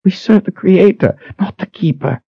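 A frightened but stubborn young wizard, voiced by a male narrator, protests in a strained, crying tone. The voice is raised higher than the narrator's own, with a dry, dull sound. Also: normal speed, creaky, slightly rough, dry recording, heavily acted. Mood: desperate.

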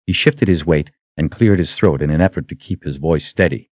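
A man reading an audiobook in steady, even scripted narration. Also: extremely low pitch, brisk, no echo.

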